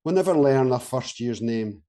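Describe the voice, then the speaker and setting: A man voicing a grumbling space soldier who mocks everything. His voice is dark and mellow, mid-pitched, the sarcasm laid on dry. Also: animated, normal speed, lightly acted. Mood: sarcastic. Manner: sardonic, dry. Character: sarcastic rebellious male soldier. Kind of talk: audio comedy acting.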